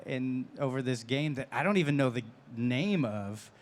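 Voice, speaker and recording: A man's voice: medium pitch, normal speed. A man who voices anime and game characters, answering fan questions at a convention panel and telling stories with lots of laughter. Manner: animated storyteller, laughs often. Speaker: voice actor guest. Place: convention stage.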